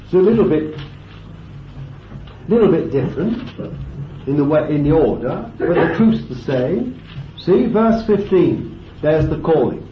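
Male preacher, fervent sermon, loud then hushed, dull old tape sound, bit of background hum. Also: a little high, expressive, measured pace. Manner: fervent, swings from loud exclamations to hushed asides. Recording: roomy, distant, dull lo-fi tape recording.

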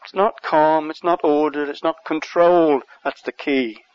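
A man from England preaching an impassioned sermon, rising louder on key words. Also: a little high, fairly even intonation, unhurried, no room sound, dull audio.

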